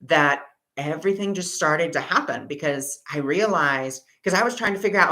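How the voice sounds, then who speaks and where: Man hosting a spiritual workshop, bright and forward-toned, telling his story with lively, emphatic flair. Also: a little high, moderate pace, rough recording. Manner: animated storytelling, acting out his own past outbursts. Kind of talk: workshop teaching through personal story.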